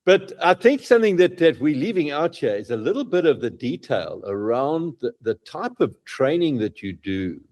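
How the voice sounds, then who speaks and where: A man hosting a podcast, telling a lively anecdote and asking his guest questions. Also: a little high, normal speed, few pauses. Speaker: podcast host. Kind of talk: casual podcast interview.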